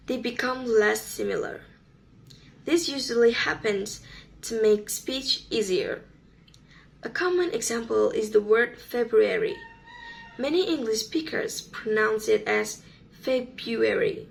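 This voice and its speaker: A woman student reading a class presentation on sound rules, slow and careful. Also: a little high, creaky, a little hiss or hum, poor audio.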